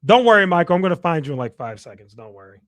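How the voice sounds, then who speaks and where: A man's voice: sits high, very animated, rapid-fire, a bit bright. A young man from Chicago hosting a casual livestream, reading comments and teasing his viewers playfully. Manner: teasing, playful trash talk to chat. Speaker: livestream host.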